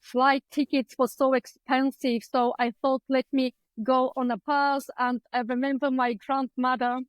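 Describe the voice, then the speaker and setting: High-voiced Bulgarian woman telling her story. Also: flat delivery, measured pace, dry recording, poor audio. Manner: earnest, heartfelt, with frequent hesitations. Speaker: guest, clinical psychologist. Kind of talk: candid personal storytelling.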